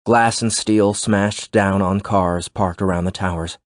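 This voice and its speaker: Deep-voiced guy reading an audiobook, steady and measured, dry sound. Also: no echo. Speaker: audiobook narrator. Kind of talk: scripted audiobook narration.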